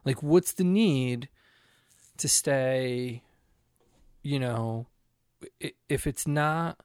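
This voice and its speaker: A man's voice: medium pitch, extremely slow, darkish tone, clean tone, no echo, studio quality. A man hosting a casual conversation, talking animatedly and restarting his sentences as he works through his ideas.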